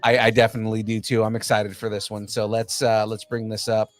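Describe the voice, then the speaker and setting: A man co-hosting a casual pop culture podcast, relaxed and hesitant, with plenty of fillers. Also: fairly low pitch, a little fast. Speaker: podcast co-host. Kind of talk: casual chat.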